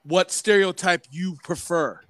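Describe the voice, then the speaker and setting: A man's voice: sits high, measured pace, fairly bright tone, slight background noise. A man in casual chat, ranting bluntly and with heavy profanity.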